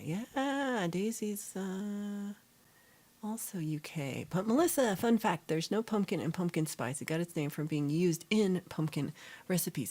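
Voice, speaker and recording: Low-voiced woman hosting a casual livestream. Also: expressive, normal speed, mellow. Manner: chatty, reads out and answers chat comments; rambling with fillers and self-corrections. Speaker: livestream host.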